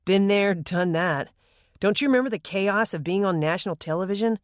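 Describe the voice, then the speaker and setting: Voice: mid-range voice, brisk, dry recording, studio quality, pitched above the performer's own voice, natural voice. A narrator voicing a cocky, joking teenage boy in an audiobook.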